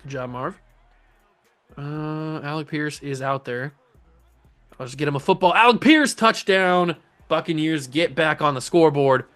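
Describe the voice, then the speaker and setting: A young man casually commentating his own video game play as a channel host, excitable and jokey, talking to the players on screen. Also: fairly high pitch, moderate pace, pauses often, faint music behind. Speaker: gaming YouTuber host.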